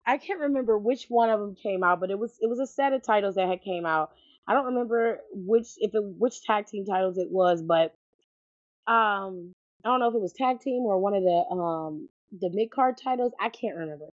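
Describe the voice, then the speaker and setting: A woman's voice: mid-range voice, normal speed, no room sound. Chatty woman on a dull, dry recording. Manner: chatty, enthusiastic, rambling. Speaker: podcast co-host. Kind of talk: casual chat.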